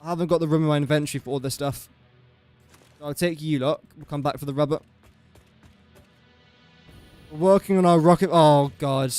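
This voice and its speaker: A man's voice: a little high, quick pace, a little mellow, soft background music. Chatty, self-mocking young man streaming games. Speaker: gaming livestreamer. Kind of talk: casual gameplay commentary.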